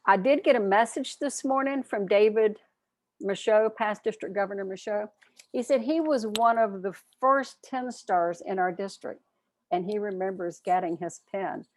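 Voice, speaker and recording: A woman's voice: mid-range voice, moderate pace, no room sound. A woman giving a short, earnest program presentation at an online club meeting, speaking in a friendly, plain way over a video call.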